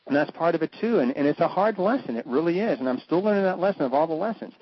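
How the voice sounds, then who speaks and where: On dull lo-fi radio audio, a man with a husky, expressive voice talks fast with few pauses and a dry sound. His animated talk-radio chat is flamboyant and jokey, swooping into high mock voices.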